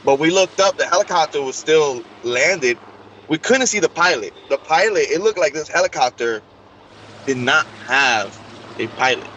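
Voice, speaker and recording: In dull audio with a little hiss or hum, a male interview guest with a mid-range voice tells his host a long, casual personal story. He's animated and plays out the dialogue as he goes.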